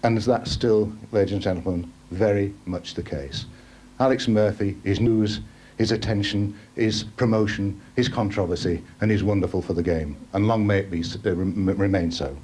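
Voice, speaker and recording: A man giving an earnest, measured tribute speech at a dinner. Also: lowish voice, steady tone, warm tone, breathy edge. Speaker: tribute speaker.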